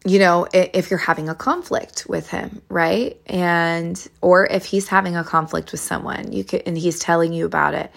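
A woman hosting a relationship advice podcast, talking gently and casually with lots of fillers and restarts. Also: lowish voice, moderate pace, gravelly, hardly any pauses.

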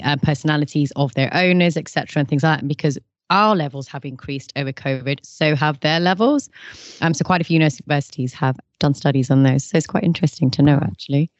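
Woman, quiz host, lowish voice, playful and bossy, dry lo-fi sound. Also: no room sound. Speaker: podcast host and quizmaster. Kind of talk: casual podcast quiz.

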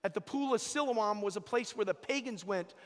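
A man's voice: sits high, brisk. A man, a priest, giving a sermon in a church, telling stories emphatically and repeating key phrases. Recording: long echo of a church hall.

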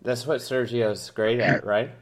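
A man co-hosting a casual sports podcast, animated and quick to pick favourites. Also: mid-range voice. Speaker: podcast co-host.

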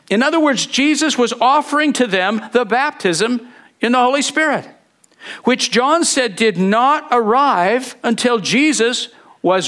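High-voiced man preaching a sermon. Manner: earnest, rising to loud fervent scripture quotes.

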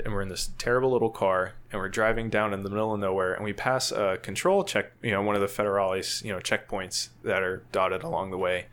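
A man with a fairly low voice tells a loose story as a podcast guest. He rambles, fills gaps with "you know" and laughs often. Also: a bit bright. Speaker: guest, field scientist. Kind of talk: casual storytelling in a podcast interview.

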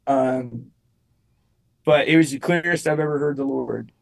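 A young man on a talk show recounts a personal story in loose, casual chat. He rambles, restarts his sentences and leans on fillers, in a middle-pitched voice. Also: a little slow, gravelly, poor audio. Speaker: musician guest.

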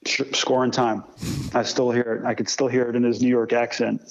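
A man in his forties, a sportscaster guest, telling stories in a relaxed interview and sometimes mimicking his old mentor. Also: medium pitch, a little fast, vocal fry, lo-fi sound. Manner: animated storyteller who imitates his old mentor. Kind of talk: conversational interview storytelling.

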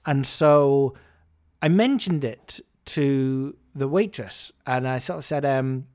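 A man hosting a podcast, telling a story in a casual, animated, wry and self-mocking way. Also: mid-range voice, slow pace. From Scotland. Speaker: podcast host.

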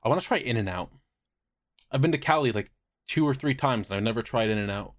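Podcast host guy reading listener questions, dry close mic, deadpan jokes. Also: mid-range voice, brisk, no echo. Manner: reads questions aloud, dry and joking. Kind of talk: casual podcast chat.

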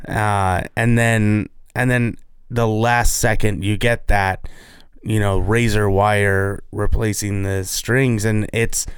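A man chats as a podcast co-host, slipping into acted-out quotes of what others said. His voice is lowish and smooth, recorded dry and close. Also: level tone, slow pace, no echo. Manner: chatty, acts out quotes. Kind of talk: casual chat.

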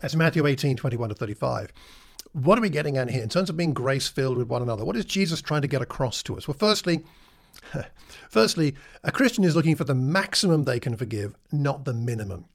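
A man's voice: mid-range voice, expressive, a little fast, gravelly. A man teaching a Bible class in a conversational way, asking his listeners questions and acting out the lines he quotes.

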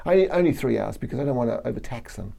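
A middle-aged Australian man, a plant biology professor, chats in a relaxed interview with an Australian accent, laughing often and restarting his sentences. His medium-pitched voice is expressive, gravelly and mellow, and he talks at a racing pace.

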